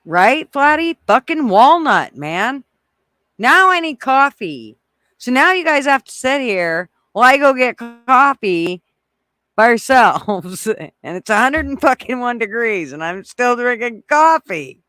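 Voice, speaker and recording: A man's voice: very high-pitched, sing-song, measured pace, sharp tone, smooth, no room sound. A man hosting a casual livestream, chatting with viewers in a rowdy, profane way, laughing often and swearing freely. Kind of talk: casual live chat. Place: indoors, hot weather, near an RV.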